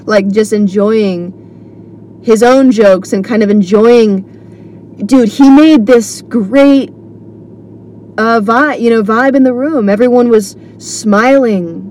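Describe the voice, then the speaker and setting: A woman's voice: fairly high pitch, slow pace, darkish tone. A woman comedian talking solo on her podcast, telling a rambling story full of fillers and restarts. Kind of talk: casual solo monologue.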